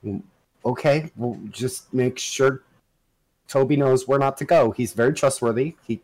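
A man's voice: medium pitch, a little slow, darkish tone, natural voice. A man playing an earnest young man who hedges and tries to keep the peace in a tabletop role-play. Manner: earnest, with hedging fillers.

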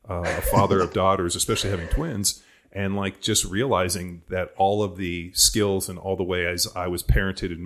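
A man's voice: deep voice, a bit bright. A man in his forties chatting casually about raising his kids, rambling with lots of fillers and restarts. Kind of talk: casual chat.

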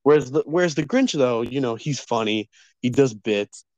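A man co-hosting a podcast, casually critiquing a film with halting, filler-heavy talk. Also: mid-range voice, expressive, darkish tone, no echo. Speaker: podcast co-host. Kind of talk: casual movie chat.

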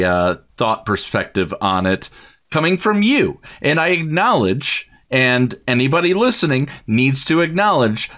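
A man hosting a podcast, speaking hesitantly with many pauses and restarts. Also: medium pitch, fairly bright tone. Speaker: podcast host. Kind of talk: casual podcast chat.

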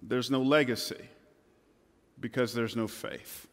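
A man preaching a dramatic sermon from a stage in a church hall, shifting between loud and hushed passages. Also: medium pitch, fairly even intonation, slow. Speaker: pastor.

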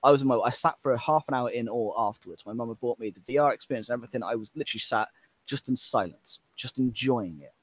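A man's voice: mid-range voice, fast. A man, talking earnestly and from the heart in a casual chat, his voice rising whenever he quotes himself. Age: 30s.

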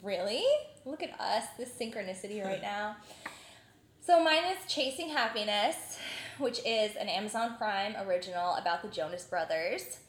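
A young woman from New Jersey hosting a casual chat, animated and full of filler words. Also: medium pitch, moderate pace. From New Jersey, USA. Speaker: podcast host. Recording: roomy echoing room.

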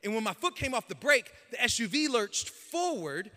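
Guy pastor telling a wild story from the pulpit, high bright voice, big hall echo. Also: normal speed. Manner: animated, acts out dialogue with shouts. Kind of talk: storytelling sermon. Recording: long hall reverb.

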